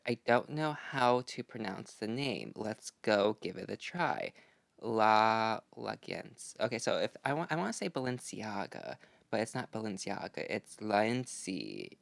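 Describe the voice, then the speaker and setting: Young male vlogger, chatty and gushing, gravelly voice, dry close sound. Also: medium pitch, a bit bright, no echo. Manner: chatty, gushing, playful asides. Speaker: fashion vlogger. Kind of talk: casual magazine review vlog.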